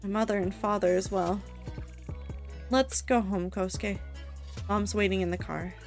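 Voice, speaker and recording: A woman voicing a grave young older sister who speaks softly, subdued and earnest. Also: mid-range voice, fairly even intonation, a little slow, creaky, soft background music. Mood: somber.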